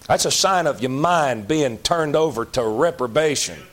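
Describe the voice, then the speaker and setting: Emphatic preacher man. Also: animated. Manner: folksy, emphatic preaching with sudden loud outbursts and drops to low, slow asides. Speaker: pastor. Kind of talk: sermon.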